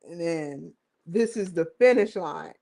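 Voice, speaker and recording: Woman imitating a gruff defense chief. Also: lowish voice, animated, mellow, full character voice. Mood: mock-serious. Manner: mock-serious briefing, deliberately weird voice. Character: gruff male defense chief briefing war plans.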